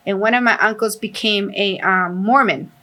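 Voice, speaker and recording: A middle-aged woman, a podcast guest, telling a family story in casual chat, animated and full of restarts and fillers. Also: mid-range voice, normal speed. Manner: animated storyteller who acts out the people she quotes. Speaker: podcast guest, coffee company founder.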